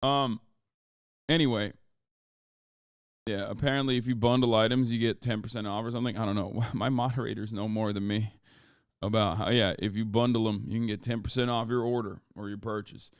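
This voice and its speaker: A man's voice: lowish voice, fairly even intonation, brisk, smooth, dry recording, clean studio sound. A man livestreaming and chatting casually. He sounds exasperated, swears often and reads chat comments aloud. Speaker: livestreamer selling merch.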